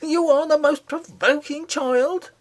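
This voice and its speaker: A man's voice: extremely high pitch, fairly even intonation, slow, pitched above the performer's own voice. A man voicing an indignant nurse who scolds a child harshly. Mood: scolding. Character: scolding, shrill woman nurse.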